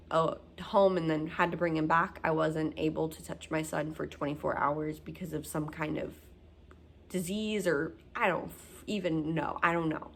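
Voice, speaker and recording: A woman's voice: on the low side, slight background noise. A young woman telling her story as a new mother, rambling with many fillers. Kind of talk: casual storytelling.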